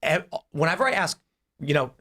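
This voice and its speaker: A man's voice: on the high side, brisk. A man hosting a political panel podcast, talking through hypotheticals and acting out the voices in them. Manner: animated, acts out voices in hypotheticals. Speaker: podcast host.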